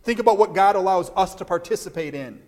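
A pastor delivers a sermon in a high, lively voice. He repeats words as he restarts, and he acts out quoted lines with energy. His voice carries a long reverb from the hall. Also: fast talker. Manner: animated preaching with many restarts and acted-out quotes.

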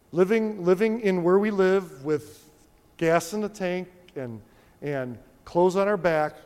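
A male pastor preaching a sermon in an animated way, repeating key phrases for emphasis. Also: a little high. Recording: long hall reverb.

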